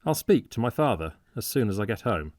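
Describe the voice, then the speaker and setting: A man reading a storybook part as a frank, cheerful young gentleman who speaks warmly and eagerly and laughs easily. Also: lowish voice, very animated, a little fast, no echo, studio quality. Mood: cordial. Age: young adult.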